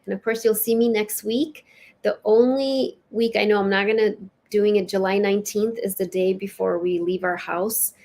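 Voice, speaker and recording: A woman hosts a live spiritual session in a relaxed, chatty way. She reads oracle cards aloud with an expressive, lilting delivery. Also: medium pitch, normal speed. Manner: warm, chatty, lilting and expressive, with soft laughs. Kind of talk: casual live-stream chat and oracle card reading.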